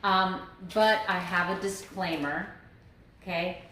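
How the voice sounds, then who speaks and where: A woman's voice: on the low side, takes it slowly, a bit bright, reverberant, a little hiss or hum. A woman talking to camera in a casual daily vlog, earnest and emphatic, stressing her points by repeating phrases. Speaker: vlogger.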